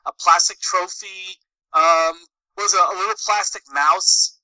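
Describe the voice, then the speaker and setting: A man's voice: sits high, steady tone, a little slow, bright, forceful tone, no room sound, poor audio. A man, co-hosting a podcast in casual chat, rambling through stories with many fillers. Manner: rambling, filler-heavy storytelling. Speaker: podcast co-host.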